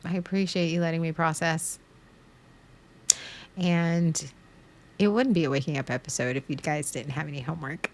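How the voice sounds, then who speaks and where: A woman's voice: sits low, moderate pace, pauses often, a little hiss or hum. A woman in her thirties talking on a live stream, rambling and emotional, restarting her sentences and laughing between thoughts.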